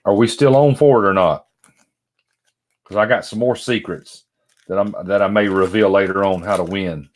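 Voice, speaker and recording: Guy, kinda low voice, middle-aged, rambling on and chatting with viewers while opening stuff. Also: normal speed, long pauses. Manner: rambling, folksy, talks to viewers by name. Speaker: vlogger. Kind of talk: casual chat while unboxing.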